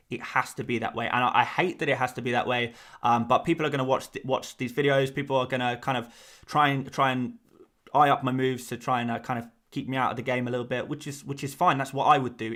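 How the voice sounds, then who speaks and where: A man's voice: mid-range voice, a bit bright. Chatty man on a live stream. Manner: chatty, rambling, repeats himself. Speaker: fantasy football streamer. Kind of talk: casual live stream chat.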